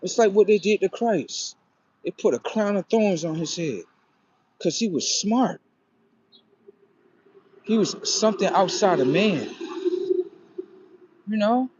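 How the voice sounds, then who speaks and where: A young man hosting a casual livestream from outdoors by a street, talking into his phone. He rambles with plenty of profanity and breaks into loud, high, excited bursts. His voice sits a little above average, and the stream audio sounds dull and muffled. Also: slow, pauses often, husky. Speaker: livestream host.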